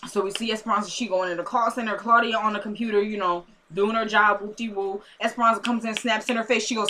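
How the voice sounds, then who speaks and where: A woman reviewing a TV episode in a casual vlog, talking in an animated, sassy way straight to viewers. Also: mid-range voice, fast talker, few pauses, slight background noise. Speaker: TV show reviewer.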